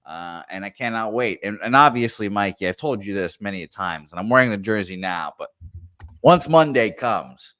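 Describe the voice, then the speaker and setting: A man's voice: lowish voice, expressive, moderate pace, a bit bright, dry recording, clean studio sound. A man hosting a sports betting show, talking loosely with lots of fillers and the odd curse. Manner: loose, profane, rambling with fillers. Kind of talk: casual sports betting chat.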